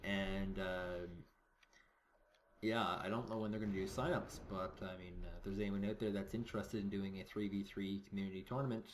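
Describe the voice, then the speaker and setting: A man co-commentating a strategy game match in a relaxed, joking way. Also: sits low, a little fast, a little hiss or hum. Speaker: game caster. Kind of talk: esports commentary.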